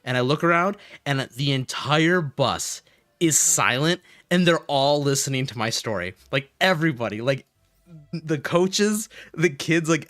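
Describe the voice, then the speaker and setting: A man streaming a game, chatting casually with viewers and telling rambling, animated stories between moves. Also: a little high, a little slow, no room sound, clean studio sound. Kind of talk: casual gaming stream chat.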